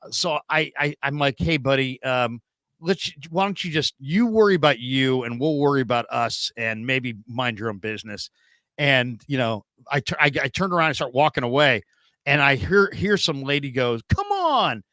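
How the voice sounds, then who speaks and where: A man in his forties hosting a casual sports talk show, telling stories with lively acted-out quotes. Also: mid-range voice, moderate pace, no room sound. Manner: animated storyteller, acts out quoted people. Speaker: show host. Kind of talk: casual sports podcast chat.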